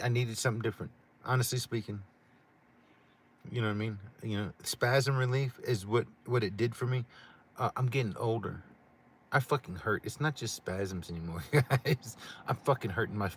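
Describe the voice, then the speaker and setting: A man's voice: lowish voice, a little fast, a little hiss or hum. Profane rambling middle-aged man. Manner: profane, rambling, many restarts. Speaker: livestream co-host. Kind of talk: casual chat.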